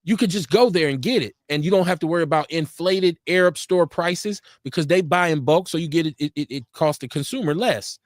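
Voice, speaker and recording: A man's voice: a little high, fairly quick, few pauses, no echo, studio quality. A man hosting a casual live radio talk show, telling stories with lots of laughter and acting out what people said. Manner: animated, laughing storyteller acting out quotes. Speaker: show host. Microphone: studio mic for a live stream.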